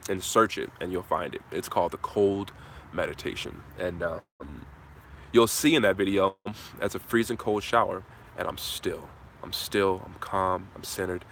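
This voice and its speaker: A man's voice: sits low, a bit bright, a little hiss or hum. Impassioned man giving a live pep talk. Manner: impassioned, repetitive, casual "man" fillers. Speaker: channel host answering viewers. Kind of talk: live motivational Q&A.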